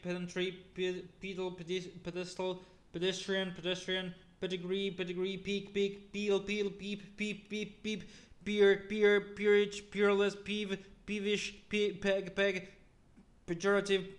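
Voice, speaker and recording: A high-voiced male YouTuber reads a long list of words aloud in sequence, often stumbling, starting again and repeating them. The lengthy reading leaves him sounding worn out.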